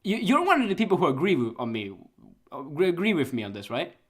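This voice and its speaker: A man's voice: fairly high pitch, wildly swooping pitch, quick pace, a bit bright. A young man co-hosting a casual anime chart chat, ranting with frequent laughter. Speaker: anime season chart co-host.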